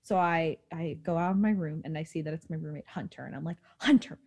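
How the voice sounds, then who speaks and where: Young woman, from New York, quick animated storytelling, casual podcast co-host. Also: low voice. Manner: fast-talking, animated storyteller.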